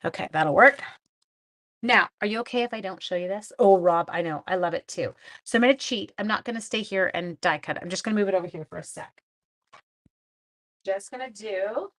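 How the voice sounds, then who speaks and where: A middle-aged woman, a stamping demonstrator, hosts a casual craft live stream, chatting with viewers and greeting them by name while she works. Her mid-range voice is a bit bright and a little fast.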